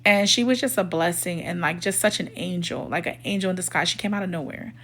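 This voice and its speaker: Speaking quickly with a fairly low, fairly bright voice, a storytime vlogger shares a personal story. Her casual retelling is emphatic and indignant, and she voices the people in it by acting out their quoted lines.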